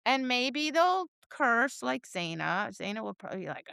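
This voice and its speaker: Brief: woman co-host, animated storyteller, bright crisp tone, unhurried, close dry mic. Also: on the high side, no echo. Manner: animated storyteller, acts out voices, laughs and swears. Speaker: podcast co-host, dog trainer. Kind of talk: casual chat.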